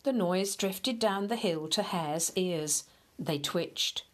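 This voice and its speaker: A woman reading a children's story aloud in a gentle, unhurried way, talking to the children directly. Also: lowish voice.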